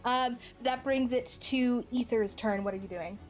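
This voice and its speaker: A woman's voice: on the high side, unhurried, soft background music. A woman narrating as game master of a tabletop game, hesitant and full of fillers.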